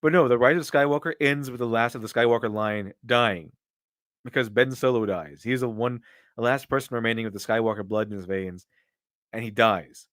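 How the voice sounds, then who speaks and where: A man's voice: medium pitch, a little fast, fairly bright tone, no room sound, studio quality. A man doing casual live-stream commentary and answering viewer donations, with rambling, opinionated talk full of restarts.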